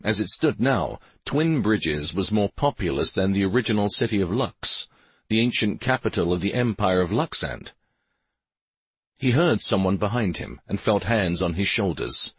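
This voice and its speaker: A man narrating a fantasy audiobook in a measured, even reading. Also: on the low side, breathy edge, no echo. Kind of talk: scripted narration.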